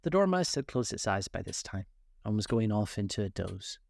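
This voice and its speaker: Low-voiced man reading a storybook. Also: very animated, moderate pace, vocal fry. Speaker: narrator.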